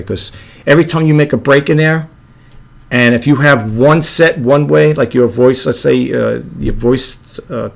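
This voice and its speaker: Man, low monotone voice, gravelly, casual tutorial host, rambling, self-correcting. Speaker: video editing tutorial host. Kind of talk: casual screen-recorded tutorial.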